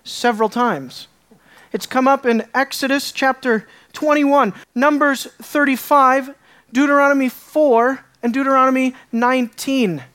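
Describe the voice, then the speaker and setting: A woman's voice: high-pitched, steady tone, unhurried, fairly bright tone. A woman preaching as a Bible teacher, emphatic, asking the listeners rhetorical questions and repeating words for stress. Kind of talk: sermon-style Bible teaching.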